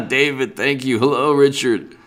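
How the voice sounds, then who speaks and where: A man's voice: mid-range voice, slow, sharp tone. A man hosting a political livestream, ranting with sarcasm and exasperation and greeting viewers in the chat by name. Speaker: political commentary host.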